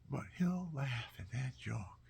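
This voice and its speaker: Guy with a low gravelly voice telling stories from his life, casual and animated, keeps going down almost to a whisper. lots of ups and downs in how he talks. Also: slow. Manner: animated, often drops to a near whisper. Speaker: storyteller. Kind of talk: casual personal storytelling.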